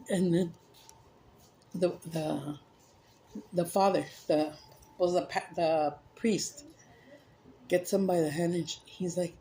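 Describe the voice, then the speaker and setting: Brief: woman vlogger, relaxed mellow voice, rambling storyteller, faint background hiss. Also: lowish voice, moderate pace, pauses often. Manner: rambling, animated joke-telling with frequent self-corrections. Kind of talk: casual storytelling.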